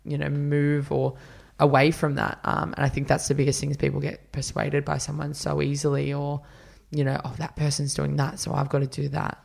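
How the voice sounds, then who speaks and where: Casual guy with a creaky edge to his voice, a chatty interview guest acting out quotes. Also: fairly high pitch, monotone, a little fast. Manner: chatty storyteller, acts out quotes, many fillers. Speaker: podcast guest, runner.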